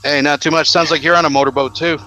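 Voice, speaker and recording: A man's voice: fairly high pitch, fairly even intonation, quick pace, pushed and bright, soft background music. A man from Canada hosting a livestream in casual, rambling commentary, swearing freely and restarting his sentences. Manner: rambling, profane, lots of restarts. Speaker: livestream host. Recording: dull lo-fi stream audio.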